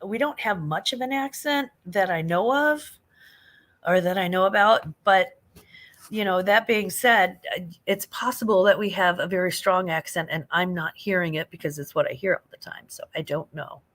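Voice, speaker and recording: A woman's voice: on the low side, moderate pace, fairly bright tone. Chatty older woman streaming live. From St. Louis, Missouri. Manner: chatty, rambling, often laughing, reading out viewer comments. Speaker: livestream host. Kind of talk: casual late-night livestream chat.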